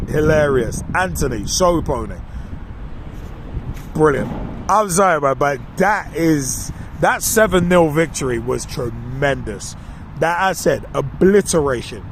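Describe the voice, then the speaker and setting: A man's voice: fairly high pitch, gravelly, a little hiss or hum. Gleeful man ranting about football. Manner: animated, mocking and gleeful. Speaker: podcast co-host. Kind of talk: casual football opinion monologue.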